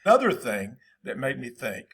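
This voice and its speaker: Folksy Southern football coach. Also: male voice, medium pitch, huge pitch swings, normal speed, fairly bright tone, husky. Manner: folksy, rambling, chatty. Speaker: football coach and channel host. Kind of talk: casual talk to viewers.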